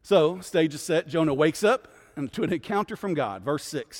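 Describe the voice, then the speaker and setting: A man's voice: on the high side, lively intonation, normal speed, darkish tone. A man, a guest pastor teaching a Bible study in a conversational way, often checking in with his listeners. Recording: long hall reverb.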